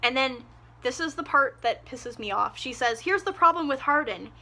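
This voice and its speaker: A woman's voice: sits high, animated, moderate pace, pushed and bright. A young woman giving a casual, ranting book review, exasperated and sarcastic, swearing freely.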